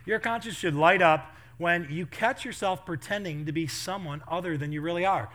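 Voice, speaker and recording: A man's voice: high-pitched, normal speed. A middle-aged man, a pastor, telling funny stories in a sermon and laughing as he acts out what people said. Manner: animated, laughing, acts out quotes. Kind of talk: storytelling sermon.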